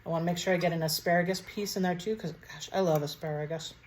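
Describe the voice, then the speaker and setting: A woman's voice: fairly low pitch, steady tone, quick pace. A woman chatting casually to her viewers while cooking and tasting food in a home kitchen. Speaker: cooking vlogger.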